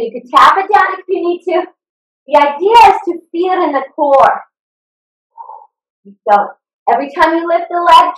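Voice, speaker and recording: A woman's voice: high voice, fairly bright tone, recorded from a distance. A woman fitness instructor leading a live online workout, upbeat and encouraging, cheering her class on with whoops. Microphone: video call computer mic. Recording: echoey room, voice a bit off-mic.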